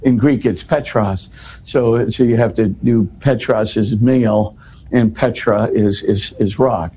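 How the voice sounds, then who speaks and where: A man giving an explanatory talk in an interview, teaching in an animated way and often checking in with "right?". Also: fairly low pitch, unhurried, a little hiss or hum, poor audio. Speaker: interview guest explaining scripture.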